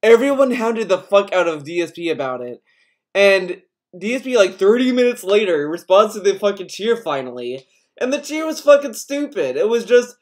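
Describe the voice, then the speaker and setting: A man's voice: high-pitched, very animated, moderate pace. A man hosting a casual podcast stream, rambling through chat topics with frequent swearing and restarts. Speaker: podcast host reading chat.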